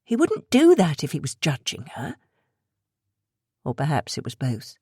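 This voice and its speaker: A woman narrating a thriller audiobook in a steady, measured way. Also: sits low, slightly rough, dry recording, clean studio sound.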